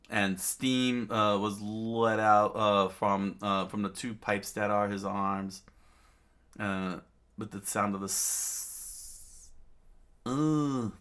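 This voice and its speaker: A man's voice: lowish voice, fairly bright tone, clean tone. A man reading a comic aloud in a casual way, with many fillers, restarts and chatty asides. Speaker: reader of a comic. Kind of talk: casual read-aloud with commentary.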